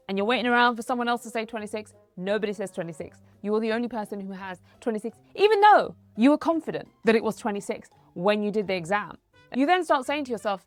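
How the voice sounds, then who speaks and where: A woman's voice: medium pitch, fast, soft background music. A woman in her thirties, a doctor hosting an educational talk, explaining in a conversational way with personal anecdotes. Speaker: doctor and host.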